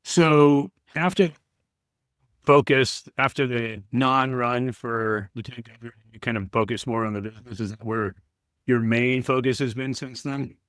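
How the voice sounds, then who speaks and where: A man's voice: mid-range voice, fairly even intonation, normal speed, fairly bright tone, no echo, clean studio sound. A man hosting a podcast, asking questions in a casual, curious way. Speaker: podcast host. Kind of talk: casual interview.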